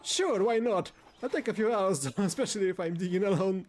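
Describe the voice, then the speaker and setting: A man's voice: sits high, expressive, a little fast, darkish tone, a little hiss or hum, pitched above the performer's own voice. A man reading the lines of a blunt, irreverent village laborer in a game, brash and mocking, with frequent laughs.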